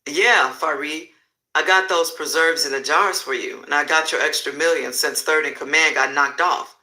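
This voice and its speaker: A man's voice: fairly high pitch, pushed and bright, roomy sound, rough recording. A man voicing a cocky, talkative male informant who rattles off contacts and numbers. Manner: rapid, boastful listing of contacts.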